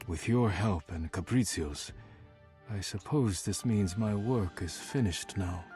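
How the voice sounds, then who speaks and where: A man voicing a formal, fussy character in a dating game, speaking in a measured, proper way. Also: on the low side, darkish tone, faint music behind. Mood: relieved, formal.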